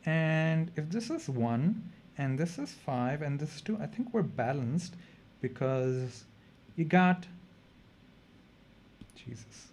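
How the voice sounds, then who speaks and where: A man's voice: on the high side, lively intonation, takes it slowly, a little mellow. A young man tutoring chemistry in a casual revision lesson, chatty and thinking aloud as he corrects himself mid-sentence.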